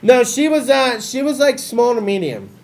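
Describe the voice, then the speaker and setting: A young man hosting a talk show, telling a long crude story with lots of swearing and animated asides. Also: very high voice, moderate pace, gravelly, crowd noise. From California. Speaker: host.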